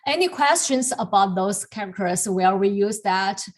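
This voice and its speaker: A woman teaching calligraphy over a video call, with halting phrasing and frequent restarts. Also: mid-range voice. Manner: halting, many fillers and restarts, soft laughs. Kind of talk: online lesson demonstrating strokes.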